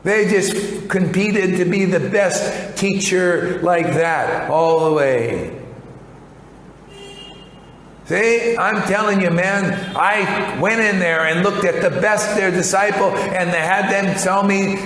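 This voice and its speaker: A man's voice: high-pitched, slow, a bit bright. A man in his later years giving a rambling, blunt devotional sermon and saying "man" often. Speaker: spiritual teacher. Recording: echoey hall with faint noise.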